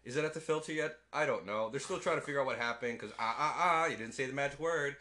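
Bright-voiced man rambling through a recap. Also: mid-range voice, fast talker. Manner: rambling, laughs often, swears freely. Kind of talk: casual movie recap chat.

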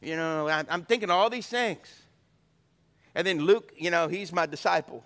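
A man's voice: high voice, normal speed, a bit bright. A middle-aged man preaching a sermon as pastor, folksy and joking, drawing answers from the congregation. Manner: folksy, joking storyteller with call-and-response.

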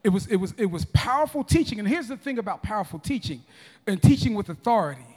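A man in his forties delivers a sermon in a fairly high voice, pressing his points with repeated restarts and calls to the congregation. His words ring out with a long reverb through a large church sanctuary. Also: very animated, quick pace, a little mellow. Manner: emphatic preaching with repeated restarts and audience calls. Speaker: pastor.

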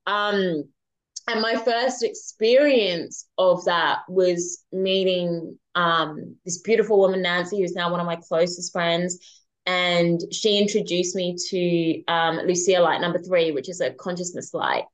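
A woman, a podcast guest, telling a personal story in a casual, animated way with some swearing. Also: lowish voice, measured pace, poor audio.

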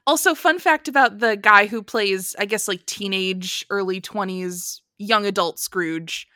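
A woman co-hosting a casual film-review podcast, animated, swearing freely and laughing often. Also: medium pitch, measured pace, no room sound, studio quality. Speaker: podcast co-host.

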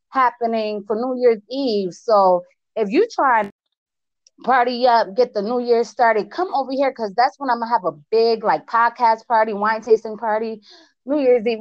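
A woman from the US East Coast with an East Coast accent, chatting casually about business and networking, lively and repeating phrases for emphasis. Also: a little high, no echo, highs cut off. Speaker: business owner.

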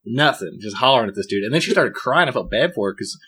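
A man's voice: mid-range voice, expressive, fast talker, sharp tone, husky. A young man telling a rambling story to friends, swearing freely and acting out quotes. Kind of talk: casual chat with friends.

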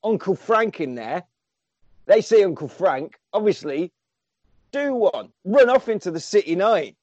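On a podcast, a male host animatedly recaps a film, swearing casually along the way. His high-pitched voice is sing-song and a little mellow, moving at a measured pace, and the dry recording sounds dull and lo-fi.

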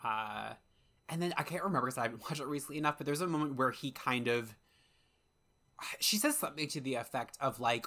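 A man co-hosting a casual podcast chat about a film, animated and jokey, often slipping into character quotes. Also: mid-range voice, brisk. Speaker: podcast co-host.

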